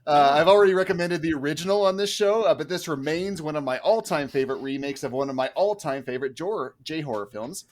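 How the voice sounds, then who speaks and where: A man on a podcast panel reading a prepared film recommendation in a steady, enthusiastic way. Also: a little high, quick pace, few pauses.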